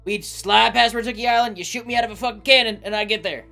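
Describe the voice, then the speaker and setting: A man voicing a rowdy, brash male pirate captain who shouts and swears. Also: sits high, steady tone, fast talker, gravelly, faint music behind, pitched above the performer's own voice, heavily acted. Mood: indignant.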